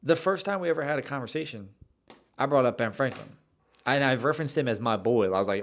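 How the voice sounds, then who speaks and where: A man's voice: medium pitch, brisk, fairly bright tone. A young man hosting a solo podcast, telling a rambling, self-deprecating story with many restarts. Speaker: podcast host.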